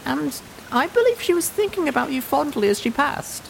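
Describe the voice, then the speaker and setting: An earnest young mare, grieving but determined, as a male narrator puts her on. The voice sits very high and swings widely, with a rough, crackling fry under it. Faint hiss and rain sit behind the reading. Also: big pitch swings, normal speed, exaggerated voice. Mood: somber.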